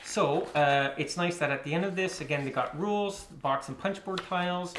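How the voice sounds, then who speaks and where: A man's voice: fairly high pitch, moderate pace, fairly bright tone. Man chatting through a board game unboxing. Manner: chatty, many fillers, rambling asides. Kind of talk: casual unboxing commentary. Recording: echoey room with faint noise.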